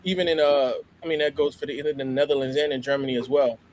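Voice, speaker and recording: An American man in casual podcast chat, animated, laughing often and restarting his sentences. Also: mid-range voice, fast. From United States.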